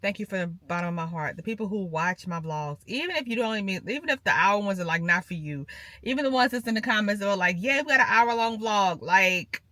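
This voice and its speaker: A woman vlogger talks from the driver's seat of her parked car, holding her phone or camera close. Her voice is bright and forward, with an everyday middle pitch. She rambles freely and keeps addressing her viewers as "girl" and "y'all.". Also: expressive, quick pace. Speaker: lifestyle vlogger. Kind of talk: casual chatty vlog talk to viewers.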